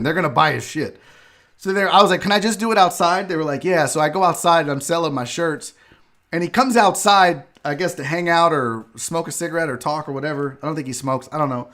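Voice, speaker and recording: High, bright-voiced man telling a story. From Houston, Texas. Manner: profane, animated ranting with acted-out quotes. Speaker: comedian and podcast host. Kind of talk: casual storytelling.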